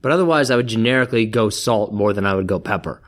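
A man's voice: fairly low pitch, quick pace. A man co-hosting a casual chat show, blunt and opinionated, teasing his partner. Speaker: podcast co-host.

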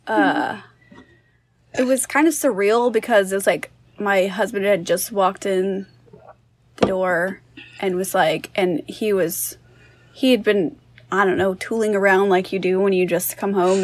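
A woman chatting casually, telling stories in a slow drawl and laughing along. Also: mid-range voice, fairly even intonation, no room sound. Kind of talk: casual chat.

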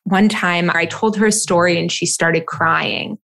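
A woman's voice: lowish voice, fairly even intonation, measured pace, vocal fry, fairly bright tone. A woman hosting a podcast, talking through ideas in a reflective, conversational way with many asides. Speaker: podcast host. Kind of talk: casual conversation.

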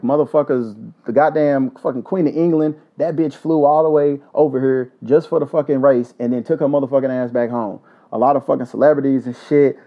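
A man's voice: mid-range voice, dull audio. A man from Louisville, hosting a solo podcast and ranting in a loose, joking, heavily profane way. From Louisville, Kentucky. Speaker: podcast host.

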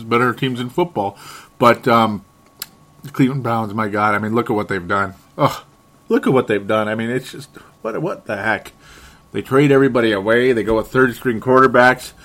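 Excitable sarcastic man hosting sports talk. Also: mid-range voice. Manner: excitable, sarcastic, chuckles often. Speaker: sports talk show host. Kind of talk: casual sports commentary monologue.

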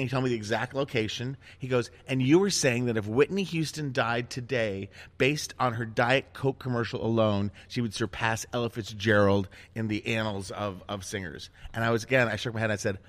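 A middle-aged man hosting a casual chat, telling self-mocking stories in a lively, animated way. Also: mid-range voice, a little fast, hardly any pauses. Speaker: host.

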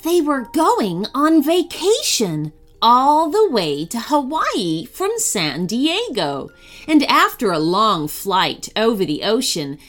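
Lively woman telling a children's story. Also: on the high side. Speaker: podcast host and storyteller. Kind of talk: children's bedtime story narration. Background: soft background music.

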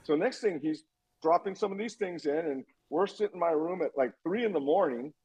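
A man in his fifties, a guest telling his own story in a casual interview, animated and swearing freely as he acts out what people said. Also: a little high, brisk, slightly rough, highs cut off.

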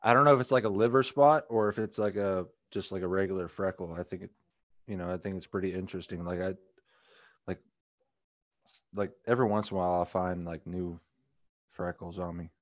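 A man's voice: low-pitched, fairly even intonation, brisk, pauses often, dry recording. A man on a podcast, rambling through casual comedic chat with lots of "like" fillers. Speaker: podcast co-host. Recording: dull lo-fi dry sound.

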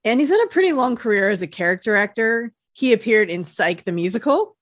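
A woman's voice: fairly high pitch, lively intonation, brisk, dry recording, studio quality. A woman co-hosting a podcast, chatting casually and sharing background trivia about an episode. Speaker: podcast co-host. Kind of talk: casual chat.

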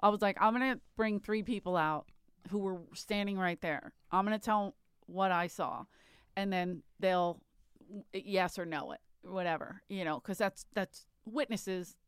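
Chatty woman with a smooth dry voice. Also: mid-range voice, a little slow, no echo. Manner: chatty, laughs often, trails off and restarts. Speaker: podcast co-host. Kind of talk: casual chat and storytelling.

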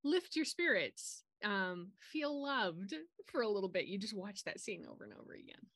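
A woman's voice: mid-range voice, lively intonation, normal speed, a bit bright, dry recording, clean studio sound. A woman co-hosting a casual TV discussion podcast, enthusiastic, with trailing phrases. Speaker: podcast co-host.

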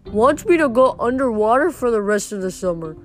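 Woman doing a slow-talking gentle cyclops boy. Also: on the high side, lively intonation, faint music behind, natural voice. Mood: earnest. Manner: slow, halting, simple phrasing.

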